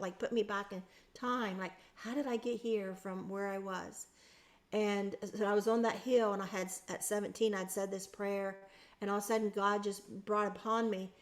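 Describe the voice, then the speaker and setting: A woman's voice: medium pitch, a little mellow. A woman guest on a podcast, recounting a personal experience in an earnest, emotional way with frequent restarts. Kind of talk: personal storytelling in an interview.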